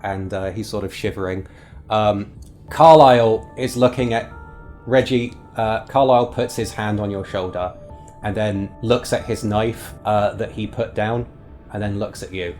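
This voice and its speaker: Slow, low-voiced man narrating a tabletop game. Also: soft background music. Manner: relaxed, halting with fillers. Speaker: game master.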